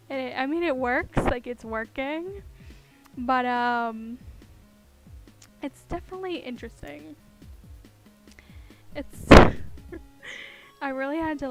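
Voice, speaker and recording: A young woman with a high, light voice rambles at her home desk. She talks casually and giggles often, with plenty of fillers along the way. Faint music plays behind her. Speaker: streamer. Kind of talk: casual chat while carving pumpkins.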